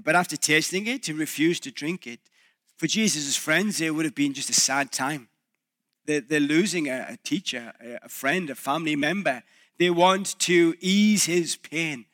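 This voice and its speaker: A male pastor preaching a reflective sermon, pausing and restarting as he thinks aloud. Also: fairly high pitch, sharp tone.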